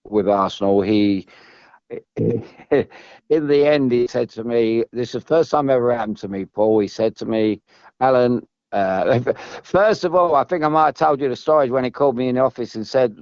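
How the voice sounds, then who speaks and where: A man's voice: on the low side, darkish tone, no room sound, dull audio. A man, a former footballer telling long, meandering stories as a podcast guest, restarting and repeating himself. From England. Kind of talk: rambling storytelling.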